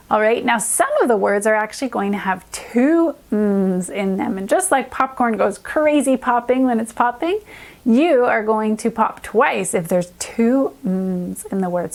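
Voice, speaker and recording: Slow, clear-spoken reading teacher woman. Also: a little high. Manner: slow, clear sounding-out of letters and words. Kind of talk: upbeat reading lesson for young children.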